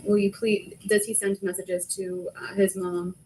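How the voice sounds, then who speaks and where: A female attorney questioning a witness in court in a brisk, formal manner. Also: medium pitch, flat delivery, a little mellow, slight background noise, low-quality recording. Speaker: prosecuting attorney.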